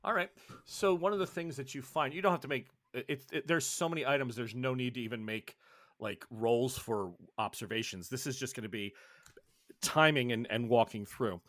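A man's voice: mid-range voice, normal speed, fairly bright tone, dry recording, studio quality. A man from the northeastern United States running a tabletop horror game as game master, rambling and playful, with many fillers and restarts.

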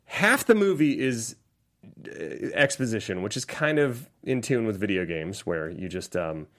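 A man's voice: fairly low pitch, normal speed. A man co-hosting a casual podcast, breaking down a movie with laughs and jokey asides. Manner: animated, laughing, jokey impressions. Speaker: podcast co-host.

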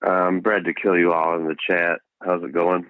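A man's voice: low voice, flat delivery, normal speed, no room sound. A man calling in to a talk show, talking hesitantly with lots of fillers. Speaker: caller. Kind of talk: phone call-in. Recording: tinny phone line.

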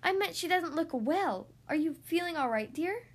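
A woman's voice: very high voice, expressive, normal speed, voice pushed up. A woman voicing a cheerful, bossy father who takes charge of his children in a storybook reading. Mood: jolly. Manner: jolly, commanding.

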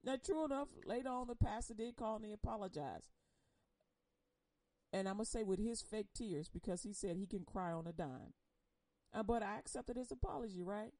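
A woman giving an impassioned personal testimony on air. She speaks emotionally and bluntly, swinging between loud outbursts and hushed confession. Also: medium pitch, normal speed, no room sound, low-quality recording. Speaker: churchgoer sharing a personal testimony.

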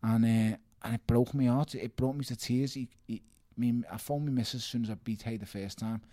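A man's voice: medium pitch, steady tone, a little fast, warm tone, no room sound, studio quality. A man, talking emphatically in a casual interview, repeating himself and calling people mate. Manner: emphatic, repeats words, calls listener mate. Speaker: professional boxer, guest.

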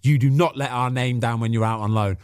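A stern, older football manager lays down the law, as a man acts him out, firm and emphatic. He speaks a little louder and slower than the storyteller's normal talk. The recording is dry and close. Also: medium pitch, steady tone, clear, resonant tone, no room sound, lightly acted. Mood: scolding. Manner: scolding, emphatic.

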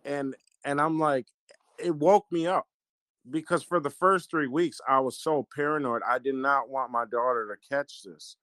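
A man's voice: medium pitch, fairly even intonation, normal speed, a bit bright, dry recording. A man telling a personal family story in an earnest way, often stopping and restarting as he talks. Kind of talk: casual conversation, personal story.

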